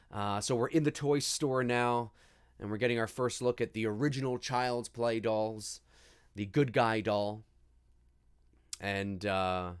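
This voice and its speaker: A man hosting a live movie commentary stream, talking in a rambling, easygoing way and swearing freely. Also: medium pitch.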